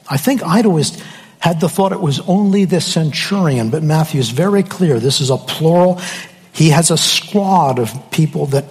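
A man preaching a sermon slowly and emphatically, with dramatic pauses. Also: a little high, husky, big-room sound.

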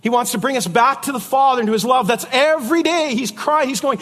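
A man's voice: very high voice, brisk, hardly any pauses, fairly bright tone, long reverb tail. A middle-aged man preaching a sermon in a conversational way, with jokes and asides. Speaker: pastor.

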